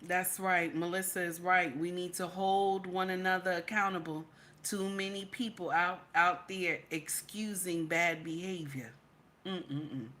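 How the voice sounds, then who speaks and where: Slow, emphatic New woman host. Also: fairly low pitch, steady tone, fairly bright tone. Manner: repeats phrases, emphatic, reads chat aloud. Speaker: livestream reaction host. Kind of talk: casual livestream commentary.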